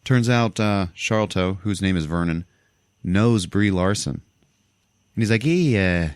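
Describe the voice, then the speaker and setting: A man hosting a casual podcast, walking through a movie's plot with animated asides and plenty of swearing. His voice is low. The sound is close and dry. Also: a little slow, long pauses, no echo. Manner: animated storyteller, swears, laughs often. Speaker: podcast host. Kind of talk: casual movie recap chat.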